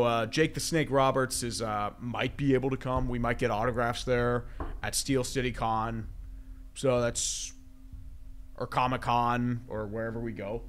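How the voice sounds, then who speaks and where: A man's voice: medium pitch, moderate pace. A man with a stuffy nose, hosting a live stream, chatting in a rambling way, reading out chat questions and swearing now and then. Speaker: livestream host reading chat. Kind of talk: casual live commentary.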